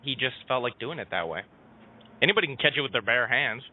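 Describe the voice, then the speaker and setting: A man's voice: medium pitch, lively intonation, quick pace. A man hosting a casual call-in show, joking and flustered. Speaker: host. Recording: tinny phone-quality audio.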